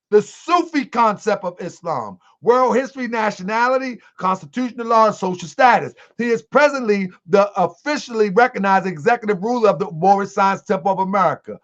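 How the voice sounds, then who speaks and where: A man hosting an online livestream, commenting to his viewers in a preachy, animated way. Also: high voice. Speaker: host of an online show. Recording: dull lo-fi sound.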